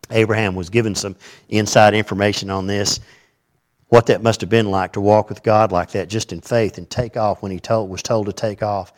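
A man preaching a conversational sermon, teaching through a scripture passage with asides and big swings between loud emphasis and quiet remarks. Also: lowish voice. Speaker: pastor.

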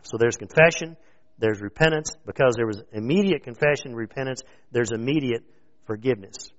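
A man pastor preaching a sermon in a conversational, animated way, throwing questions out to his listeners. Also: mid-range voice, fairly quick. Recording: dull lo-fi recording.

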